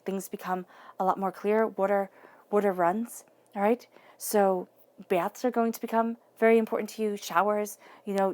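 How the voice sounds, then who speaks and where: An earnest woman gives a tarot reading in a steady mid-range voice, with a gravelly fry running through her speech. She is encouraging and often repeats short phrases to press a point home. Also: medium pitch. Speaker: tarot reader.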